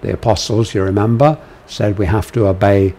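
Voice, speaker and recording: A man teaching a lecture on a biblical book, measured and full of "uh" fillers. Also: lowish voice, fairly even intonation, warm tone. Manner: gives quoted commands with raised force. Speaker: Bible teacher.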